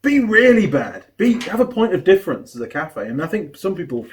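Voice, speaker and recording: A man, a mechanic and video host, chatting and telling animated stories while building a kit. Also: fairly high pitch, fast. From New Zealand. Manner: chatty, animated storyteller with a laugh. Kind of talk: casual chat while building a model kit.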